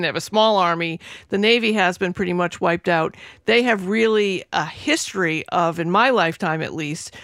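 A woman's voice: medium pitch, a bit bright, no room sound. Woman hosting a radio chat, lots of "you know", dry studio voice. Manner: chatty, with fillers and restarts. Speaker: radio talk show host.

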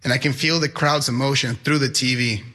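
Young guy telling his life story, bright forceful voice, earnest. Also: mid-range voice, fairly even intonation, a little fast. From Mexico. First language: Spanish. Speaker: high school Spanish teacher. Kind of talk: personal storytelling.

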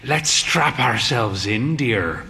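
A man's voice: mid-range voice, expressive, slow pace, gravelly, pushed and bright, exaggerated voice. A man playing a thin, fey, flamboyant man in late middle age with a theatrical, camp delivery.

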